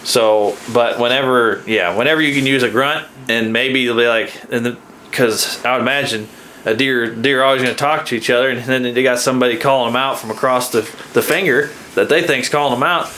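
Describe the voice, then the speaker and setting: A man co-hosting a podcast, talking easily about deer calls and joking through the deer's point of view. His voice has an everyday middle pitch. Faint ambient noise sits behind him. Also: steady tone, brisk, sharp tone. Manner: jokey, voices deer in high silly tones. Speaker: podcast co-host. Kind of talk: casual hunting chat.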